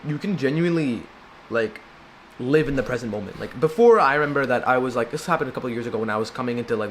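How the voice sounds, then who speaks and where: A young man in a casual advice vlog, rambling and swearing a lot, full of filler and slang, and now and then mocking people in high squeaky put-on voices. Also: a little hiss or hum. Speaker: self-help video maker.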